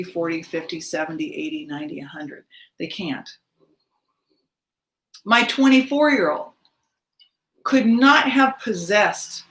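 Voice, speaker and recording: A woman's voice: lowish voice, a bit bright, reverberant. A woman in her fifties telling a personal story in a casual monologue, acting out the voices of the people in it. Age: 50s. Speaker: spiritual vlogger.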